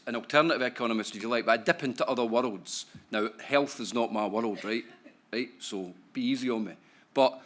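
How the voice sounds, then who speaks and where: A Scottish man speaking at a conference, chatty and playful, forever checking in with the room with a "right?" or "yeah?". His voice sits at an ordinary middle pitch for a man, and he keeps his talk relaxed and easygoing. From Scotland. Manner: chatty and joking, full of tag questions. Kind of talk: conference talk to a live audience. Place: conference hall.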